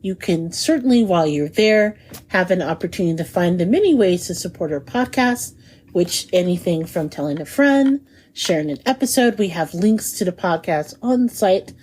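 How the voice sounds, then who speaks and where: A woman hosting a food podcast in casual chat, lively, laughing often and lingering over food descriptions. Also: fairly low pitch, moderate pace. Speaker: podcast host.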